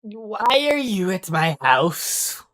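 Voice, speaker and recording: A man's voice: high voice, sing-song, very slow, a bit bright, voice pushed up, full character voice. A man doing a fussy old gnome collector. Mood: indignant.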